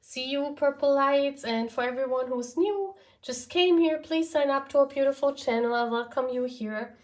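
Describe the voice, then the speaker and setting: A woman's voice: high voice, moderate pace, a little mellow. A woman with a German accent, German as her first language, giving a chatty pick-a-card tarot reading to her viewers. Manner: chatty, often adds "okay?" and "yeah?". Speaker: tarot reader.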